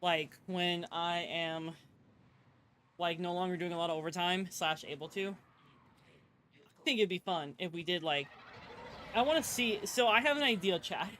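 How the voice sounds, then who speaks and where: A woman's voice: on the low side, unhurried, pauses often, a bit bright, slight background noise. A chatty woman streams a video game and talks to her viewers in a loose, rambling way. She swears without a second thought and laughs often. A faint ambience hangs behind her voice. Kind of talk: casual live-stream chat.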